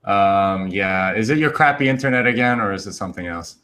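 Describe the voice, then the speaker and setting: Man, bright tense voice, casual livestream panel, hesitant, fillers, remote call. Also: fairly low pitch, a little fast. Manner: hesitant, many fillers, thinks aloud.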